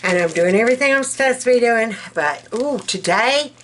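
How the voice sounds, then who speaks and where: In a Southern accent, a South Alabama woman cooks in her home kitchen and chats casually with her vlog viewers, folksy and fond of calling them girl and baby. Her voice is on the high side and expressive at normal speed, with background noise.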